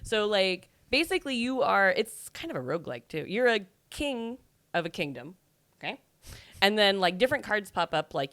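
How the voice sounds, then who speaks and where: A woman's voice: medium pitch, expressive, moderate pace, fairly bright tone, no room sound. A woman co-hosting a casual video game podcast, chatty and peppering her talk with "like". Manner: chatty, fills speech with "like". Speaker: podcast co-host. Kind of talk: casual chat about video games.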